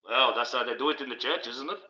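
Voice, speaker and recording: A man preaches on a livestream in a put-on voice, declaiming every point. His tone is very bright and forceful. The sound is dull and lo-fi. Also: medium pitch, fast talker. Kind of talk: preaching livestream monologue in character.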